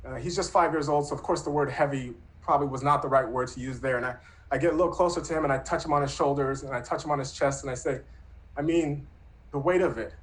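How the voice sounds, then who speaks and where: A man in his thirties telling a true personal story in an earnest, reflective, softly spoken way. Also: medium pitch, quick pace, low-quality recording.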